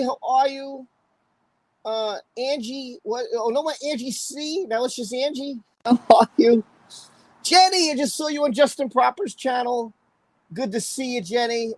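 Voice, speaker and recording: A man's voice: high voice, a little mellow, no room sound, rough recording. A man hosting a live stream in casual chat, greeting viewers one by one. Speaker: livestream host.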